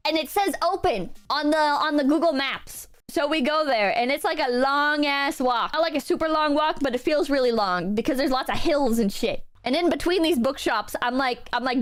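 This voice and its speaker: High, lively young woman telling a story. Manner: excitable, swearing, dramatic. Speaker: streamer. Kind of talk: casual storytelling to chat.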